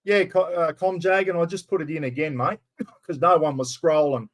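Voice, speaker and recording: A man's voice: fairly high pitch, steady tone, normal speed. Rowdy Australian man streaming live. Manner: loud, rambling, swears freely. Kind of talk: casual live stream chat.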